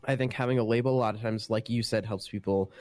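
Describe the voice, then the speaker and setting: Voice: medium pitch, steady tone, quick pace, a little mellow, no echo. A participant in a casual group discussion over an online call, speaking hesitantly and repeating words.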